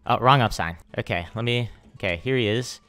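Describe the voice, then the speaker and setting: A young man hosting a gaming channel, giving excitable live commentary on his own play and hyping every win with slang. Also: fairly low pitch, a little fast.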